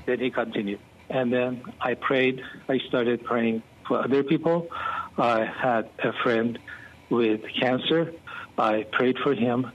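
A man, a pastor being interviewed, telling stories animatedly and given to excited outbursts. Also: medium pitch, slow pace, a little hiss or hum. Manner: animated, bursts into excited exclamations. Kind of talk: storytelling interview talk. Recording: muffled lo-fi.

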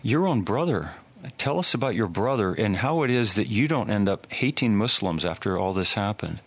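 A male host with a lower voice leads a faith talk-show interview. He asks questions and affirms his guest in a steady way. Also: moderate pace, no room sound.

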